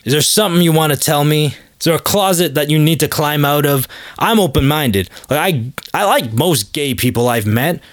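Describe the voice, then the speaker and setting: A man's voice: fairly high pitch, lively intonation, normal speed, no echo. A man hosting a comedy podcast, talking in a hesitant, rambling, awkward way full of fillers. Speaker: podcast host. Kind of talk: comedic banter.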